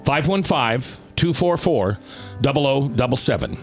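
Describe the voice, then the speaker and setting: Over faint background music, a talk radio host speaks in an expressive, mid-range male voice. His casual chatter wanders, he keeps starting his sentences over, and he stretches words out to stress them.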